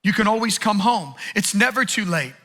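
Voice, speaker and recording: Bright-voiced, high-pitched man preaching. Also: expressive, moderate pace. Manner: conversational, earnest, repeats phrases. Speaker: pastor. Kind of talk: sermon.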